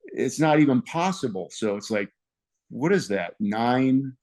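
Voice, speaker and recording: A man's voice: mid-range voice, sing-song, measured pace, a little mellow. A man talking animatedly as a guest on an interview podcast, laughing at himself as he tells his story. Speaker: guest wrestler. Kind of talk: casual interview chat.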